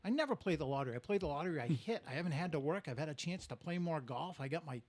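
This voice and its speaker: A man's voice: on the high side, animated, racing. A man voicing an easygoing male golfer who turns out to be a small-town priest, matter-of-fact. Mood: casual.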